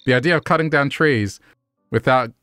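A man doing an easygoing rustic woodcutter from a cozy video game, slow and drawling in a slightly raised voice. The sound is close and dry, with faint music underneath. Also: mid-range voice, a bit bright, no echo, lightly acted. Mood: amused, wary. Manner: drawling countryish turns of phrase. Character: folksy rustic male woodcutter neighbor, easygoing.

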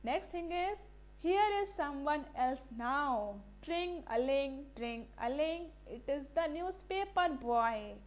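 Speaking slowly with a high-pitched, expressive voice, a female teacher leads a lesson. She quizzes her students, says important words again, and occasionally slips Hindi phrases into English.

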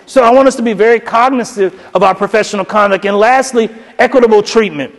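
High-voiced man telling stories. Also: fast, big-room sound. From South Louisiana. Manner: animated, acts out voices in quoted dialogue, casual Southern phrasing. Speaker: keynote speaker, professor. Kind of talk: energetic storytelling keynote. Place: lecture hall.

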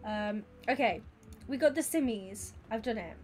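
A woman's voice: on the high side, a little slow. Chatty woman streamer. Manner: chatty and excitable, talks to chat by name. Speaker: Twitch streamer. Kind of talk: casual livestream chat with viewers.

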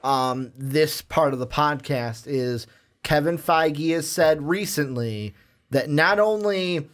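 A man co-hosting a podcast in a relaxed chat. He speculates in long, run-on stretches. He keeps the talk moving with easy fillers. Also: on the high side, takes it slowly. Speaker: podcast co-host. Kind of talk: casual chat.

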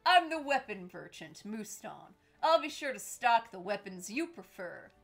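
A woman voicing a businesslike male weapon merchant in a game, with a brisk manner. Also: medium pitch, big pitch swings, vocal fry, a bit bright, faint music behind, exaggerated voice.

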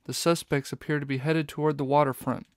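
A man's voice: on the high side, steady tone, brisk, no room sound, clean studio sound, close to an everyday voice. A man doing a fierce fox police inspector. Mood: clipped. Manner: stern, snapping retorts.

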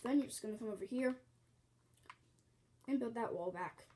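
A woman's voice: fairly high pitch, moderate pace, warm tone. A woman teaching a building game step by step, counting blocks aloud, apologizing often as she fights off a cough at home. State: bouts of coughing. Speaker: game tutorial host.

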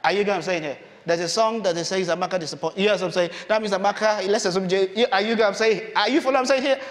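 Guy preaching in a church hall, kinda high voice, casual sermon, lots of echo. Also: rapid-fire. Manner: conversational, acts out Bible characters' dialogue.

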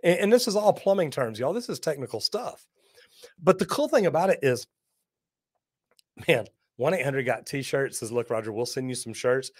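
A man hosting a live plumbing Q&A, telling lively folksy stories and joking as he reads viewer comments. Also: medium pitch, moderate pace, no echo, clean studio sound. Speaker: plumber and show host.

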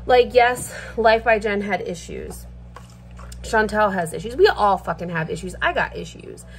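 A woman's voice: mid-range voice, sing-song, moderate pace, a little hiss or hum. A woman ranting bluntly and swearing freely while she cooks in her kitchen for a vlog. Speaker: vlogger. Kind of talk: casual rant while cooking. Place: home kitchen.

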